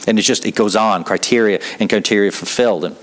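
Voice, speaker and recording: A man's voice: fairly low pitch, fast, fairly bright tone, slight background noise, low-quality recording. A middle-aged man preaching a sermon in an earnest way, often repeating words as he builds a point. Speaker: pastor.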